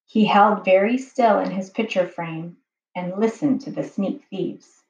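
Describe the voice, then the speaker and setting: Woman, children's book read-aloud, slow careful storyteller, roomy lo-fi recording. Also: medium pitch, a little mellow. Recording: dull, roomy home recording.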